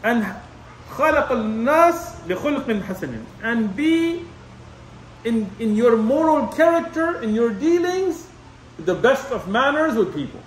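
A man's voice: very high voice, very animated, brisk, slight background noise. A man giving an Islamic lecture in a conversational, repetitive way, sprinkling in Arabic terms. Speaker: imam lecturer. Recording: echoey room, mic at a distance.

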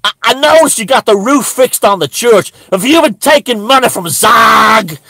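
A man's voice: high-pitched, measured pace, fairly bright tone, dry recording. A man playing a rambling, bigoted churchgoing man in a satirical monologue, stammering and restarting almost every phrase. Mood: indignant. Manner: stammering, with constant restarts and repeated words.

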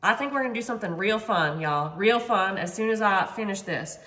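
A woman's voice: medium pitch, expressive, a little fast, fairly bright tone, reverberant. A woman hosting a casual home cooking vlog, chatty and bubbly, talking straight to her viewers. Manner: chatty, bubbly, constantly addresses viewers as y'all. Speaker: vlog host. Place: home kitchen, then a sunny backyard chicken coop.

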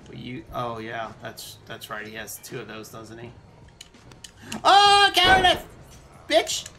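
A man giving loud, excitable commentary while playing a video game, swearing and yelling at the game. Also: lowish voice, normal speed. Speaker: gaming streamer. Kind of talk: live gameplay commentary.

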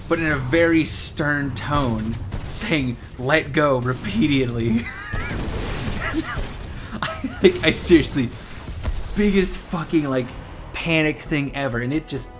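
A young man telling a story in casual, rambling gameplay commentary, swearing and laughing a lot. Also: fairly high pitch. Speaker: gaming commentator. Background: game sounds and music.

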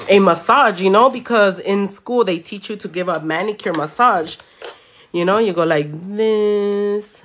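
A woman nail artist, telling a story casually while she does nails at home, animated, swearing freely and slipping into Spanish. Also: medium pitch. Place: home room.

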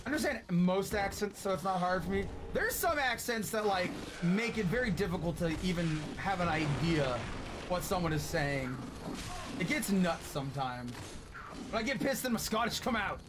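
A man from the US West Coast chatting casually and profanely with viewers while streaming a game. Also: sits high. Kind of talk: casual gaming stream chat.

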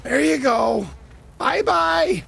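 A man's voice: extremely high pitch, expressive, slow, creaky, a bit bright. A man streaming a video game, making goofy, sarcastic asides over the gameplay. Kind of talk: joking gameplay commentary.

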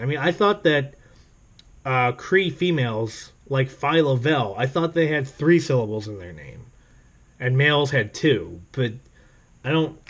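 A man's voice: medium pitch, a bit bright. A man reviewing a comic book in casual video commentary, rambling and sarcastic, with many fillers and laughs.

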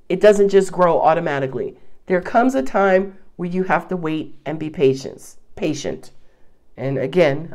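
A woman tarot reader with a Southern US accent, talking in a casual, excitable, profane way and laughing often. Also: medium pitch.

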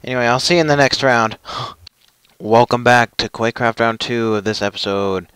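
A man's voice: medium pitch, steady tone, normal speed, a bit bright, clean tone, no echo. A young man commentating his own gameplay, with frustrated, self-mocking outbursts. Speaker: gaming channel host.

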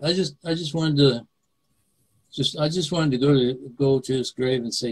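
A man in his seventies from New York State, a guest on a video call, telling a personal story in a halting way and repeating words as he goes. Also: medium pitch, husky, poor audio. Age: 70s. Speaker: interview guest, author.

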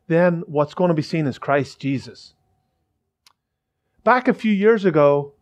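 A male pastor preaching a sermon in church, fervent and repetitive, with many restarts. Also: high-pitched.

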